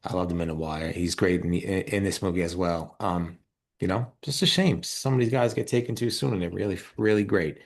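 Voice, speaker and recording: A man's voice: deep voice, a little fast, gravelly. A man co-hosting a casual movie podcast, talking in a rambling, emphatic way and often repeating words. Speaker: podcast co-host.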